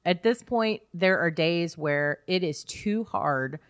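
A woman's voice: lowish voice, animated, slow pace, smooth, no room sound, studio quality. A woman in her thirties co-hosting a podcast, chatting candidly with self-deprecating humor and frequent laughs. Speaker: podcast co-host. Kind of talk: casual chat.

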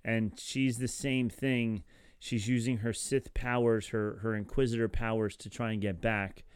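A man co-hosting a casual podcast chat, talkative and quick to laugh, often acting out quotes. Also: lowish voice, little pitch movement, clear, resonant tone, dry recording, studio quality. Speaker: podcast co-host.

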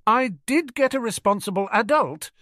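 Glib teen boy wizard, lifted pitch, man voicing. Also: very animated, moderate pace, dry recording, studio quality. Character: cheeky, quick-witted teenage boy wizard.

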